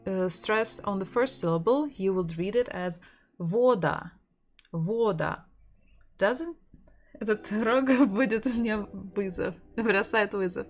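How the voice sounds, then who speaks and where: A woman with a Russian accent teaching an online language lesson, patiently repeating words for learners. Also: mid-range voice.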